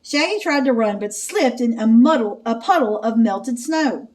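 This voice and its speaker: A woman teacher from Texas, reading a picture book aloud with expressive narration and sound effects. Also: fairly high pitch, moderate pace.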